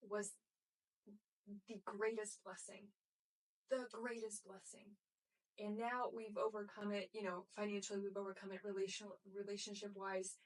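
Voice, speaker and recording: A middle-aged woman from Russia, a native Russian speaker, sharing a measured, reflective testimony as a podcast guest. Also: mid-range voice, flat delivery. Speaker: guest mentor. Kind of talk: testimony in conversation. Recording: distant mic, faulty audio.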